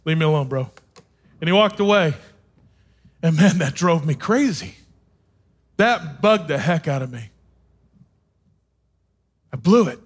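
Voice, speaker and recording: A man with a notably high voice preaches from a stage. He tells his own story with animated, self-deprecating humor and pokes fun at himself as he goes. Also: slow pace, pauses often, slightly rough. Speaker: speaker. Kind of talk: sermon with personal storytelling.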